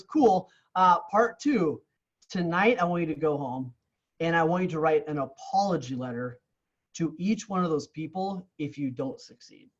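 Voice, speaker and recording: A slightly high male voice with lively intonation and a moderate pace comes through a muffled recording. He's a podcast guest and real estate coach telling his Canadian upbringing story candidly and earnestly, often restarting and repeating words.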